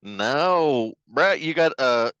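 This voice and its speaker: A man co-hosting a podcast, chatting casually about a film, profane and quick to laugh. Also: medium pitch, lively intonation, fairly bright tone, smooth, no room sound, muffled recording. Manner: loose, profane, laughing storyteller. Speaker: podcast co-host. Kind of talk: casual movie review chat.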